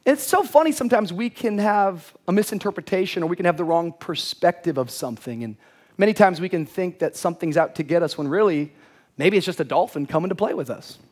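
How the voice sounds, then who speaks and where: A young man preaching a lively sermon to a church crowd, telling a funny story and acting out shouted lines. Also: high voice, brisk. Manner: lively, animated, acts out shouted quotes. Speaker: pastor. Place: large church auditorium.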